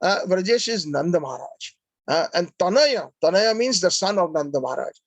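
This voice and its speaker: A man's voice: high-pitched, animated, brisk, no room sound. A man giving a devotional lecture, earnestly explaining Sanskrit terms with frequent "uh"s and repeated words. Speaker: devotional class speaker.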